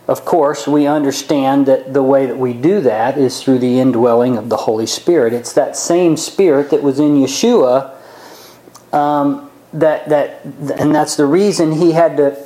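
A man preaching a sermon, reading scripture aloud and explaining it, slowing down and stretching key words. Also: on the high side, dark tone, poor audio.

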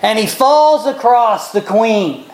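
A woman delivers a sermon at an unhurried pace, retelling scripture in an animated way. She throws her voice high and low as she acts out each character. The room around her is echoey. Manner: animated, acts out characters with big pitch swings. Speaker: preacher. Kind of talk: sermon storytelling.

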